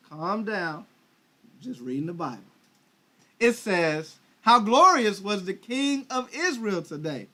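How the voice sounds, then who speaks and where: High-voiced male preacher, streaming a Bible study; reads verses, then paraphrases them in slang. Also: pushed and bright. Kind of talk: livestreamed Bible teaching. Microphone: livestream microphone.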